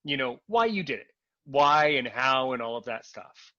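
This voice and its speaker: A man's voice: mid-range voice, expressive, moderate pace, bright, forceful tone, no room sound, highs cut off. A man hosting a podcast interview, upbeat and playful. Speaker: podcast host.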